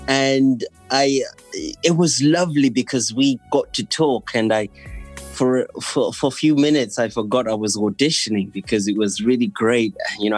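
A man from Zimbabwe with a Zimbabwean accent, an actor speaking English as a later language, talking in a relaxed conversation and often restarting his sentences with fillers. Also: mid-range voice, breathy edge. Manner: hesitant, many restarts and fillers. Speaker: actor, guest. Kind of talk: casual conversation.

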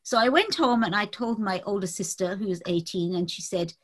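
Husky woman telling her testimony. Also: medium pitch. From Indian family. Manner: earnest, reflective, halting with fillers. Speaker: testimony speaker. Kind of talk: personal testimony storytelling.

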